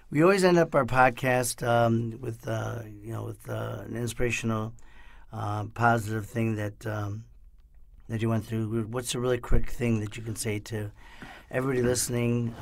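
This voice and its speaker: Gravelly halting male podcast host. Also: mid-range voice, no room sound. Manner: halting, fills pauses with ums. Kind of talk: casual podcast interview.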